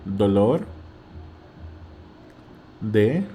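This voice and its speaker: A man's voice: fairly low pitch, expressive, extremely slow, warm tone, soft background music. A man with a Mexican accent teaching vocabulary, patiently repeating each word and often checking in with "okay?". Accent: Mexican Spanish. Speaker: Spanish teacher. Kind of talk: slow vocabulary lesson.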